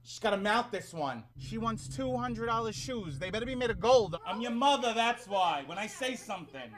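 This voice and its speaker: A man doing a loud, nagging Italian mom. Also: high-pitched, animated, normal speed, slight background noise. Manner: brash, nagging, yelling across the house. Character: loud bossy middle-aged Italian mother, fussing. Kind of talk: comedy sketch acting.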